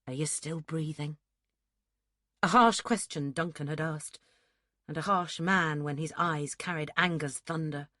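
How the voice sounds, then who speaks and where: A woman narrating a historical romance audiobook in a steady, measured storytelling manner. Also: sits low, no room sound, clean studio sound. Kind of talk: scripted narration.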